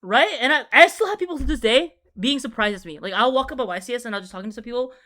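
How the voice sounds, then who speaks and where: Drawing at his desk, a young video creator races through a casual, rambling story in a very high voice. He curses freely, trips over his words, and swings between mumbling quietly and bursting out loud with excitement.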